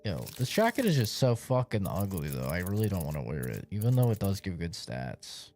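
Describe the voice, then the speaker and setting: A male streamer whose low, gravelly voice swings wildly in pitch as he jokes and swears through his gameplay. Game music plays clearly behind him. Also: brisk. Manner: profane, excitable, jokey. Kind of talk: casual gameplay commentary.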